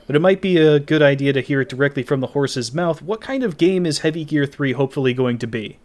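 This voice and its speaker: A man's voice: on the high side, quick pace, darkish tone. A man hosting his channel, asking questions in a friendly, conversational way during a casual interview.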